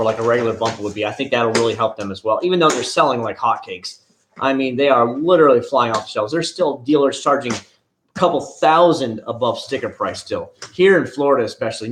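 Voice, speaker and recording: A man chats casually on a live stream from his living room at home. He rambles from point to point and answers his viewers as he goes. His voice sits in a plain middle pitch. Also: fairly bright tone. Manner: rambling, chatty, answering chat.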